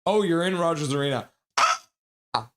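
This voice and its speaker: A young man hosting a live stream, casually chatting and reading viewer comments aloud with quick asides. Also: on the high side, lively intonation, very noisy. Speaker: livestream host reading chat. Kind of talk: casual live reaction chat.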